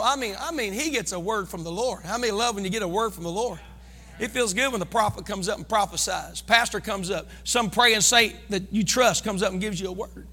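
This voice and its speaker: A man preaching a fervent sermon, calling on his congregation to respond and breaking into shouts. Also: high voice, quick pace, in a large hall, some chatter behind. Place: church sanctuary.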